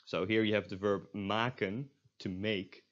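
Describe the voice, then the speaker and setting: A man's voice: lowish voice, level tone, a little slow. A young Dutch man with a Dutch accent, teaching a casual language lesson and explaining step by step, often stopping to correct himself. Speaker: language tutor. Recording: dull lo-fi audio.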